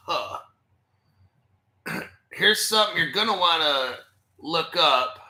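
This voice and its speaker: A man who hosts a crypto channel rambles through screen-share commentary, talking back to himself in a profane, conspiratorial way. His voice sits on the high side, expressive and sharp in tone, and he takes it slowly with frequent pauses. The room sounds echoey.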